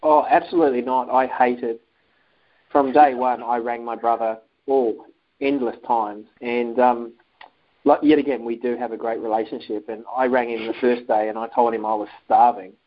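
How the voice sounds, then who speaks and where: A man's voice: medium pitch, moderate pace. A man telling a personal story in a casual interview, acting out phone calls and what people said. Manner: animated, acts out phone calls and quotes. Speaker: interview guest. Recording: dull lo-fi sound.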